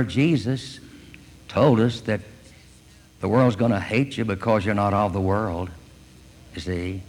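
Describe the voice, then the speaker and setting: A man's voice: medium pitch, darkish tone. A man preaching a sermon in a folksy, storytelling way, often adding "you see". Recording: long hall reverb.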